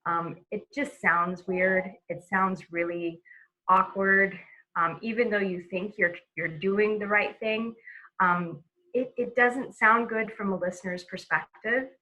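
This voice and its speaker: A woman giving a relaxed webinar lesson on a video call, talking casually with many fillers and restarts. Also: mid-range voice, slow, low-quality recording. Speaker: presenter.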